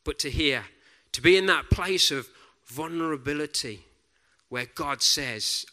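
Guy preaching real slow, bright sharp tone, goes quiet n soft on the big words. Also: mid-range voice. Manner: slow, deliberate, dropping to a soft hush on key words. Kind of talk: sermon.

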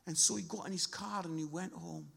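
A man preaching a sermon, telling stories with animated impressions of the people in them. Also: a little fast, gravelly, husky. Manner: animated storytelling, mimics people in high voices.

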